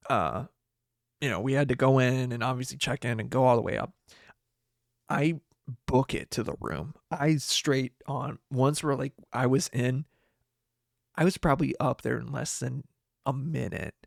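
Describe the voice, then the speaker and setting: A young man hosting a podcast, telling a personal story in a halting way, with many restarts and laughs through the sad parts. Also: mid-range voice, creaky, darkish tone, dry recording, clean studio sound. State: tearful. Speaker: podcast host. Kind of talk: casual storytelling monologue.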